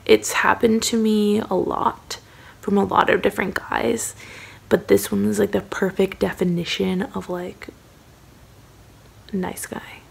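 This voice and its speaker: Young woman vlogger, tired and rambling, vocal fry, faint home noise behind. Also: mid-range voice. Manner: rambling, many fillers, trails off. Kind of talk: casual vlog chat.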